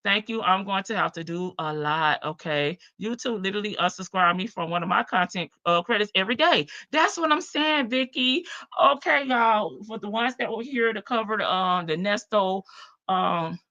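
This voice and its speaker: A woman's voice: medium pitch, lo-fi sound. A woman with a Southern US accent, hosting a live stream and chatting casually as she reads viewer comments. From American South. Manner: chatty, animated, drawn-out Southern phrasing. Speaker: livestream host.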